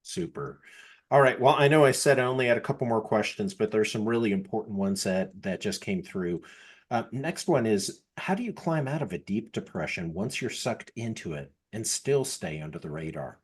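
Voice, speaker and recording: A man hosting an interview, politely and briskly reading out audience questions. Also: on the low side, animated, breathy edge. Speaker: interview host.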